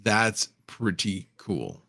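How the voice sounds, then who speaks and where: A man hosting a casual livestream, thinking out loud and reading viewer comments as he goes. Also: lowish voice, wildly swooping pitch, drawn-out words, gravelly. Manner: rambling, reads chat aloud, thinks out loud. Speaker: livestream host.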